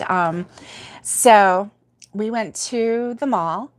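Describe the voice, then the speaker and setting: An older woman, host of a crochet livestream, talks in an expressive mid-range voice at moderate speed. She tells her story casually, laughs a lot, and reads aloud the comments viewers leave.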